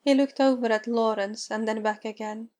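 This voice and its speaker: A woman reading a story aloud in a measured, even way. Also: on the high side. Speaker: narrator.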